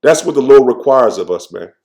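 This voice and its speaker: A man teaching scripture informally, tagging nearly every phrase with "man" and reading verses slowly with restarts. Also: mid-range voice, animated, a little mellow. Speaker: preacher.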